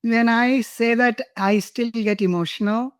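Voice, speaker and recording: A woman's voice: fairly high pitch, fairly even intonation, a little slow, clean tone, no room sound, clean studio sound. An older woman from India, a guest telling personal stories in an interview, laughing and emotional at times. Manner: warm, laughing, emotional storytelling.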